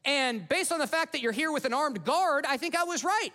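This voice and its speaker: A man's voice: very high voice, animated, fairly quick, pushed and bright, voice pushed up, full character voice. A man voicing a fed-up, defiant male patriarch, retold in casual modern speech.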